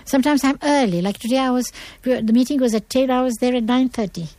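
A woman's voice: sits high, fast, mellow, no echo. A middle-aged woman from India, giving an earnest, emphatic talk on manners as a guest. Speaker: guest speaker.

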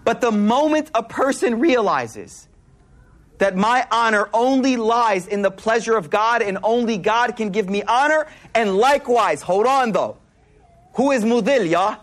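A man giving a sermon to a live audience, telling stories in an animated way, laughing as he goes, and using casual slang with lots of repeated words. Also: very high-pitched, a little slow. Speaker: Islamic speaker.

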